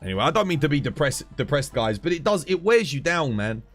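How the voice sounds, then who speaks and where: British male streamer, heated sweary rant, animated delivery, soft music behind. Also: on the high side, fast talker. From United Kingdom. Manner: heated, swears a lot, keeps saying "dude". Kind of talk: casual live-stream rant.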